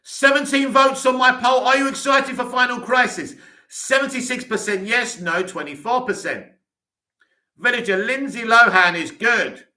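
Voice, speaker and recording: Blunt bright-voiced Englishman. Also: very high voice, moderate pace. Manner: blunt, dismissive opinions. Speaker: live-stream host. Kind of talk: reading and answering live chat.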